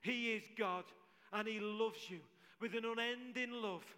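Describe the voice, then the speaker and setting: A man delivers a sermon to a church congregation with a notably high, bright and forceful voice. He talks with emphatic conviction and keeps doubling his key phrases to drive them home. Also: a little slow, clear, resonant tone. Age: adult with several children. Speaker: preacher.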